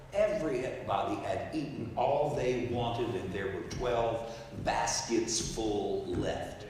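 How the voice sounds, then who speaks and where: A man in his seventies preaching a storytelling sermon, swinging from loud exclaiming to hushed quoted words. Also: mid-range voice, background noise. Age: 70s. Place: large church hall. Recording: echoey hall, mic from far off.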